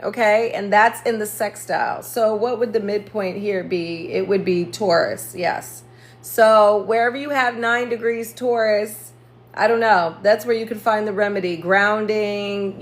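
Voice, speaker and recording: A woman astrologer hosting a casual live stream, chatting and laughing, greeting viewers by name and correcting herself as she goes. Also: mid-range voice.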